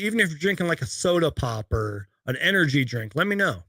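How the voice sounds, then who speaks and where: A man's voice: fairly high pitch, very animated, a little fast, hardly any pauses, pushed and bright, dry recording. A young man hosting a casual live Q&A stream from home, rambling chattily as he reads viewer questions. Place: home room with shelves of collectibles.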